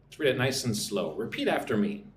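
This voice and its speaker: A man's voice: mid-range voice, very animated, a little fast, echoey room, slight background noise. A man teaching English vocabulary on a live stream. He explains patiently, breaks words into syllables and often checks in with "right?".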